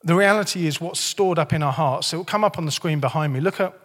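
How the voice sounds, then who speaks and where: A male pastor preaching a sermon in a church, lively and joking in a conversational way, his voice a bit hoarse. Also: fairly high pitch, fast, long reverb tail. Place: church hall.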